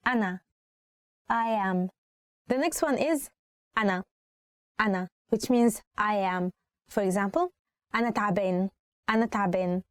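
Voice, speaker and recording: A woman with an Egyptian accent gives a spoken Arabic lesson at a brisk pace. She repeats every phrase and then translates it into English. Her voice sits at a middle pitch and sounds dry and close. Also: no room sound. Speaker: Arabic teacher. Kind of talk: language lesson.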